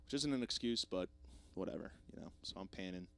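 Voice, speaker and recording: A man's voice: sits low, a little fast, vocal fry, smooth. Rambling, self-mocking young man. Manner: jokey, self-deprecating, swears a lot. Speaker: podcast host. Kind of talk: rambling solo comedic monologue.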